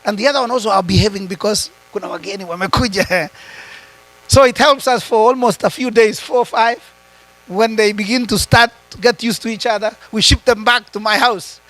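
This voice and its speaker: A man giving a high-voiced motivational talk. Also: normal speed, a bit bright, rough recording. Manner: switches between English and Swahili, asks the audience rhetorical questions. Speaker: retreat speaker.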